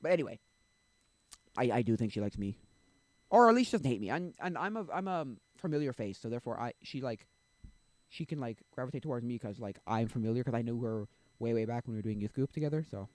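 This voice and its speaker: A young man chats on his live stream, wandering from point to point and often losing his thread. His voice sits at an ordinary middle pitch. The sound is dry and close, with no room echo. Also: expressive, fast talker, a little mellow. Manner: rambling, loses his train of thought. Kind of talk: casual chat.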